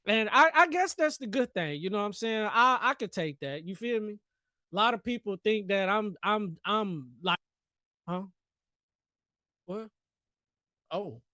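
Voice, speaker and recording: A man's voice: high voice, animated, unhurried, long pauses, pushed and bright, no room sound, studio quality. A man hosting a trading livestream, joking and talking back to the chart in casual live commentary. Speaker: livestream host and futures trader.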